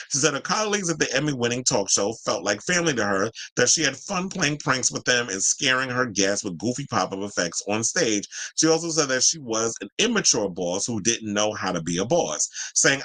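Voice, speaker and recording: A man's voice: medium pitch, pushed and bright, low-quality recording. A man hosting a celebrity news commentary, reading an article aloud and breaking off into chatty opinions, sometimes stumbling over names.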